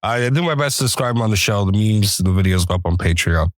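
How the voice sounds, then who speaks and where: A man hosting a horror podcast, talking in a gruff, grumbling way and swearing freely. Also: lowish voice, animated, quick pace, no room sound, studio quality. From Italian-American family. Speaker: podcast host. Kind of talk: casual chat.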